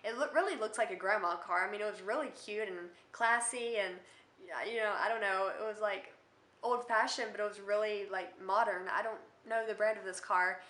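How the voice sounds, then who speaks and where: Chatty young woman, bright echoey vlog. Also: medium pitch, fairly quick. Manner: chatty and rambling, many filler words. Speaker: vlogger. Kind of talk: casual storytime vlog. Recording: echoey room.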